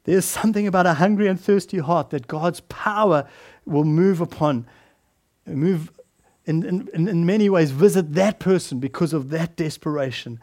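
High-voiced earnest male preacher. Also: moderate pace, darkish tone. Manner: earnest, repeats words and restarts. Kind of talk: sermon.

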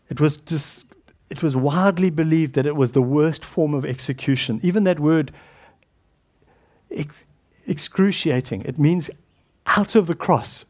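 Earnest and middle-aged, this pastor delivers a sermon in a somewhat higher voice at a measured pace, pausing often. He regularly sinks to a quiet, solemn tone and restarts phrases along the way.

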